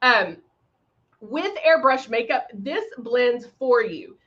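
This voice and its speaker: A chatty woman hosts a live makeup tutorial, her voice set a little high. She sounds bright and forceful, greeting viewers by name between steps. The audio is dull and lo-fi. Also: lively intonation, slow. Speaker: makeup livestream host. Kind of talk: casual live tutorial chat.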